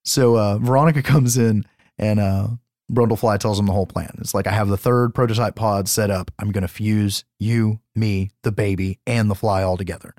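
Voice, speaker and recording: A man with a lowish voice tells a movie's story on a podcast, swearing freely and getting animated. The sound is dry and close. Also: moderate pace, no room sound. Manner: profane, animated movie recapping. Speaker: podcast co-host. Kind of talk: casual chat.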